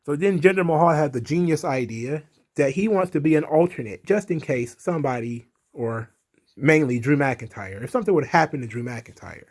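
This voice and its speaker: Guy ranting about wrestling booking, bit high voice, lots of ums and you knows. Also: animated, normal speed, a little mellow. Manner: rambling, exasperated, with fillers. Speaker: wrestling commentary vlogger. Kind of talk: casual recap and commentary.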